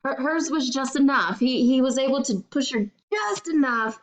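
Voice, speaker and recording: A woman's voice: high voice, animated, normal speed, dull audio. A woman student giving a recorded class presentation, telling a story casually with filler words.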